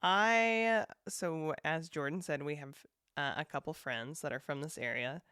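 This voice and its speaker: Bright-voiced woman teasing her co-host. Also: deep voice, unhurried, clean tone, no room sound, clean studio sound. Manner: teasing, keeps steering the talk. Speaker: podcast co-host. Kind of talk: casual chat.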